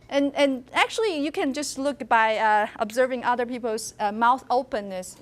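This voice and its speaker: High-voiced woman lecturing. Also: moderate pace, hardly any pauses. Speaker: university linguistics lecturer. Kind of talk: classroom lecture. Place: classroom.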